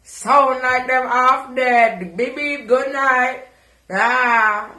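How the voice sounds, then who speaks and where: A shrill, boastful woman, as a Jamaican woman puts her on jeers in a bright, sing-song voice that sits higher than her own. Her Jamaican accent stays strong, and the sound rings in an echoey room. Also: fairly even intonation, slow, heavily acted. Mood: mocking.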